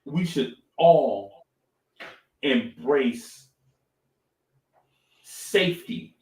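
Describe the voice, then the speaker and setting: Animated middle-aged man, echoey room. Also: medium pitch, drawn-out words. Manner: animated storytelling, repeats phrases, says "right?" often. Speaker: podcast co-host. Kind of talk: casual live-stream talk.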